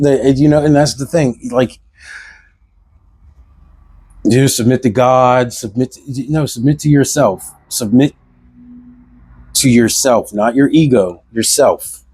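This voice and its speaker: Impassioned man with a dark, mellow voice. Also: medium pitch, a little slow, pauses often, slightly rough, no echo. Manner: impassioned, preachy, repeats phrases, asks rhetorical questions. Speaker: vlogger. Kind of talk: passionate spiritual monologue to camera.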